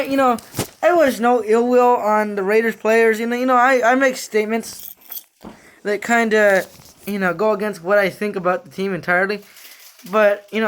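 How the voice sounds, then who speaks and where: Fan vlogger venting about their team, rambly, says stuff over and over, lots of ums. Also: medium pitch. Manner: rambling, repetitive, frustrated; many fillers and restarts. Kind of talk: casual fan rant.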